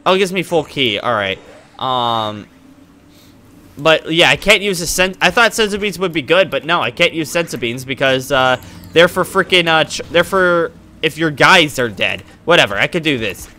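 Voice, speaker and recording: A man giving goofy, excitable commentary while playing a video game. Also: fairly high pitch, normal speed. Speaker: gaming YouTuber. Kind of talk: casual let's-play commentary.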